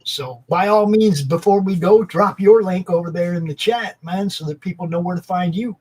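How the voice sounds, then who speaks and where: Husky, high-voiced man hyping a stream. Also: normal speed, a little mellow. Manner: hypes and directs, casual slang. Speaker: network host. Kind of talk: casual livestream chat.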